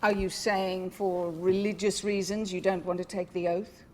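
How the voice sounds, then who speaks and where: A woman's voice: medium pitch, level tone, moderate pace, a little hiss or hum, close to an everyday voice. An actress playing a stern judge who keeps order in her court. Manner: commanding, sharp.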